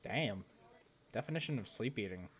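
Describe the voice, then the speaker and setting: A man's voice: lowish voice, animated, moderate pace. A teenage boy doing casual reaction commentary, rambling and chatty, laughing at his own jokes. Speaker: YouTuber reacting to videos.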